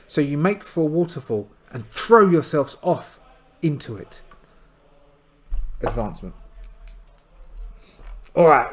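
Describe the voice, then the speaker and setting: A man playing a solo tabletop game who narrates it in a playful, storytelling way and thinks aloud over his dice rolls. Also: medium pitch. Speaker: solo game player and host. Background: faint music backing track.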